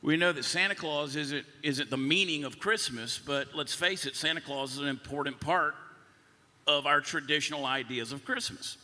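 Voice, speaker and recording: Bright-voiced rambling man on a panel. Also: fairly high pitch, moderate pace, big-room sound. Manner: rambling, restarting sentences, extended analogies. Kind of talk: live panel discussion.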